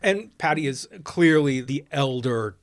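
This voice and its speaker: A man's voice: mid-range voice, lively intonation, unhurried. A young man co-hosting a podcast, recapping a movie in casual chat with a wry, profane manner. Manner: wry, profane, lapses into mock quoting. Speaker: podcast co-host.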